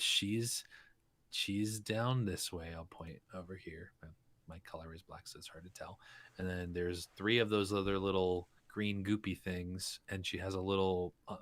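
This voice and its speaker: A man playing a tabletop role-playing game, chatting in an animated, joking way. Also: deep voice, moderate pace, no echo. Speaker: player.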